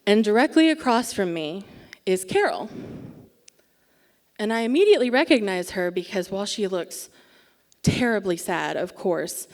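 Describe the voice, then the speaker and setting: A young woman telling a comic personal story on stage before a live audience, wry and self-mocking with dramatic pauses. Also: medium pitch, big pitch swings. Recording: long theatre reverb.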